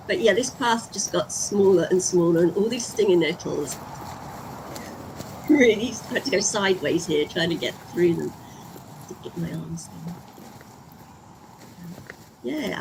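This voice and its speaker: She's a middle-aged vlogger from England, rambling through casual commentary to viewers as she walks outdoors. The medium-pitched voice comes through a handheld camera with noise in the background.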